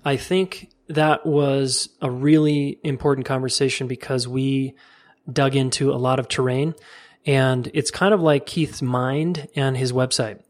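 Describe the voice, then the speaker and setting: A man's voice: mid-range voice, steady tone, measured pace. Casual enthusiastic male podcast host. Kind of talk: interview and wrap-up narration.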